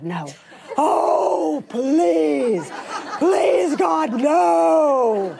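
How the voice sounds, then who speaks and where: A middle-aged woman telling a testimony as a sermon, animated, rising to laughing emphasis and dropping to hushed whispers. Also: high voice. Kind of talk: sermon storytelling.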